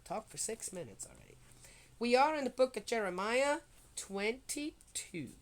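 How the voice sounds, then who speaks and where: A woman who chats in a rambling way, often checking in with her listeners, then reads scripture slowly and steadily. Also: a little high, expressive. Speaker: Bible reading vlogger. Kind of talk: casual chat and Bible reading.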